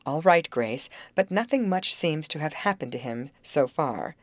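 A woman's voice: low voice, expressive, no echo. A woman reading an audiobook, voicing a stern but fond middle-aged father who muses aloud. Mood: measured. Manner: measured, musing, dryly humorous.

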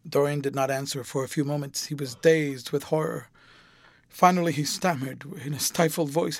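A man's voice: on the high side, steady tone, moderate pace, dry recording. Man narrating a classic novel. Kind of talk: audiobook narration.

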